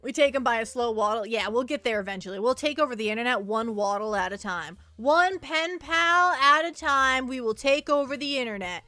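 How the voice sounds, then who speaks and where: Young woman streamer, high bright voice, chatty and rambling, stammers and repeats herself. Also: fast talker, hardly any pauses, dry recording. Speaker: virtual streamer. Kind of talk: casual livestream chat.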